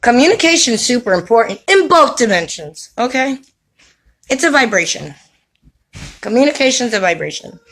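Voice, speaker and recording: A woman's voice: on the high side, very animated, normal speed, fairly bright tone, poor audio. Slangy woman preaching spiritual talk. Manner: streetwise slang, preachy, asks "you know what I mean?". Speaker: spiritual vlogger. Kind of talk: casual spiritual talk to camera. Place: home with children around.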